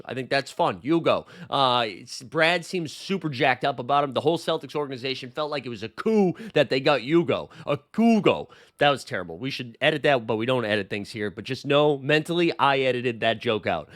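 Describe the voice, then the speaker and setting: Male solo sports host, casual and joking, animated, up-and-down delivery. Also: medium pitch. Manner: chatty, self-mocking, jokey. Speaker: host of a basketball news channel.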